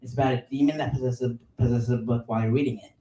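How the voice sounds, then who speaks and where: A man's voice: mid-range voice, fast. Man telling a story in a roomy room. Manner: animated, filler-heavy with many likes and ums. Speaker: podcast guest storyteller. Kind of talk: casual storytelling. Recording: roomy sound, mic at a distance.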